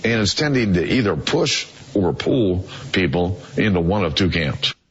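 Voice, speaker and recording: Low, husky man in a played interview clip. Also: lively intonation. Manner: halting, with frequent fillers. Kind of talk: casual interview answers. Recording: dull lo-fi clip played on air.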